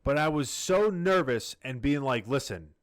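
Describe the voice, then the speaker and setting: This podcast co-host speaks at a medium pitch, animated but unhurried. In a casual chat, he rants heatedly and swears a lot.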